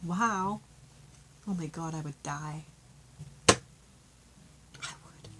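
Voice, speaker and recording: A woman giving an intuitive love card reading, talking in a gentle, heartfelt, chatty way and sharing her own story. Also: low voice, drawn-out words, pauses often, very noisy. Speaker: tarot card reader.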